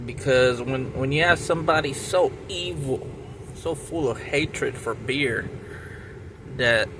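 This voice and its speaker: A man with a mid-range voice tells a rambling story in casual talk, restarting and repeating himself with plenty of fillers. The low-quality recording is full of loud traffic and outdoor noise.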